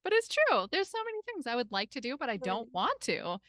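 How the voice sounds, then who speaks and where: A woman's voice: sits high, fairly quick, no echo, studio quality. A woman with a Midwestern accent hosting a podcast, chatting casually as a life coach and acting out quoted lines. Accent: American Midwestern. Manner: chatty, animated, acts out quotes.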